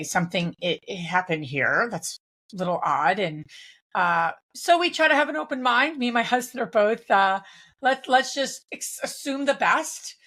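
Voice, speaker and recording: A woman real estate investor is the guest in a conversational interview, speaking reflectively with lots of restarts and fillers. Her voice is on the low side with a fairly bright tone.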